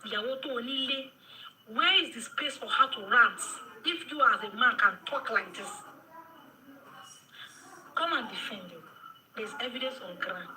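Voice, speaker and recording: A Nigerian woman gives a heated reaction commentary, scolding and repeating her points for emphasis. Her voice is very bright and sharp, with a faint hiss behind it. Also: fairly high pitch, moderate pace, pauses often, poor audio. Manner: scolding, mixes Pidgin and Yoruba phrases, repeats for emphasis. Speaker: social media commentator.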